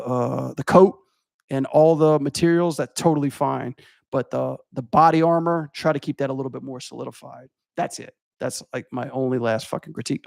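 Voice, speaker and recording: A man's voice: medium pitch, creaky, dry recording, studio quality. A young adult man from Louisiana, rambling and swearing as he critiques animation for his stream chat. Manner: rambling, profane, filler-heavy.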